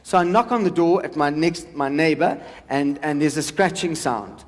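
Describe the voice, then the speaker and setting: A man's voice: a little high, animated, moderate pace, big-room sound. A man in his forties from South Africa doing stand-up comedy, chatting with the audience about parenting and pets. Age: 40s. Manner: chatty crowd work with the audience. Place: large event hall with a live audience.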